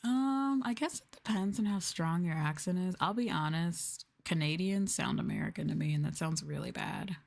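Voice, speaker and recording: Young woman streamer, low and soft, chatty ASMR talk, filler-heavy. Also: normal speed, creaky, hardly any pauses. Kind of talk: soft-spoken ASMR chat.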